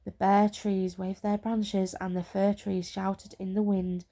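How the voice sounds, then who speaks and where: Soothing soft-spoken ASMR reader, woman, mellow, gentle bedtime-story delivery. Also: mid-range voice, level tone. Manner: slow and soothing.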